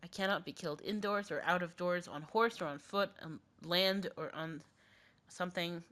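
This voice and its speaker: A woman's voice: lowish voice, normal speed, a bit bright, close to an everyday voice. A woman voicing a boastful, cocky husband from an old myth, talking down in a swaggering way. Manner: swaggering, dismissive. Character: boastful, cocky mythic husband, a grown man.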